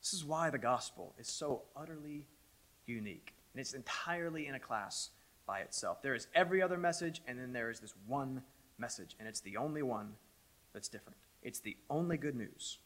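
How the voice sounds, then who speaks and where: A middle-aged man preaching a sermon as pastor, emphatic and repetitive, dropping his voice very low at the ends of phrases. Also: expressive, brisk, fairly bright tone. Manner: emphatic preaching, repeats words, drops to near-whisper at phrase ends.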